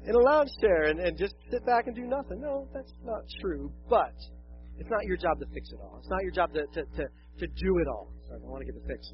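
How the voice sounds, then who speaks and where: A man's voice: sits high, dull audio, slight background noise. A man preaching a conversational, self-deprecating sermon, often acting out quotes. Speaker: pastor.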